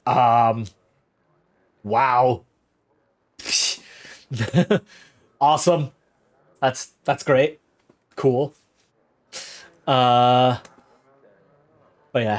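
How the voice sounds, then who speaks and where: A man's voice: mid-range voice, slow pace, long pauses. A man streaming live from home, chatting casually with his viewers in a rambling, self-interrupting way and laughing easily.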